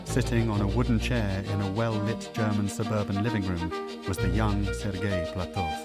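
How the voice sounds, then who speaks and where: A low-pitched male narrator reading a thriller in an even, measured way. Loud music sits underneath the narration throughout. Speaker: audiobook narrator. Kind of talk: scripted narration.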